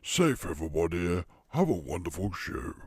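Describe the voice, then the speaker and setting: Brief: deep booming show announcer, a streamer putting it on, slow and animated. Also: male voice, heavy background noise. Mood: announcing. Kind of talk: livestream segment intro.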